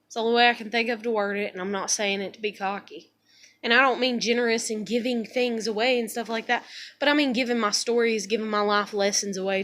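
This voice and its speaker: Woman venting to her camera at home, kinda high bright voice, swears a lot, rambles. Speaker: vlogger. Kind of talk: emotional venting monologue.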